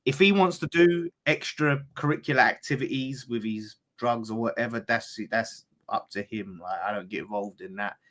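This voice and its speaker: A man chatting casually about football, informal, dropping to mutters then rising to loud emphasis. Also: medium pitch, moderate pace, few pauses, a little hiss or hum. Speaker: podcast pundit.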